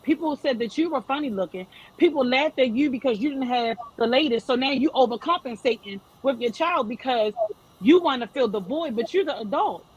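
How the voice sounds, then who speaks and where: Sitting on a panel, a thirtysomething woman urges parents earnestly and with emphasis. Her voice sits high and sounds slightly rough, coming through a muffled recording.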